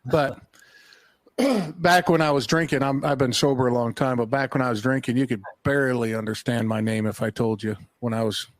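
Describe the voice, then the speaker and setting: A man's voice: mid-range voice, normal speed, dry recording. Laid-back man, dry close voice. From Colorado. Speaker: podcast guest. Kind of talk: casual podcast chat.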